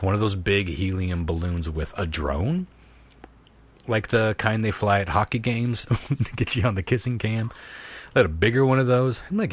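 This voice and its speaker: A man hosting a casual podcast chat, laughing often and swearing freely as he riffs. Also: lowish voice. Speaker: podcast host.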